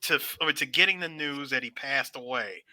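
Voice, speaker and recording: A man co-hosting a casual movie review podcast, animated, acting out scenes and laughing often. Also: medium pitch, a little fast, no echo. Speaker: podcast co-host.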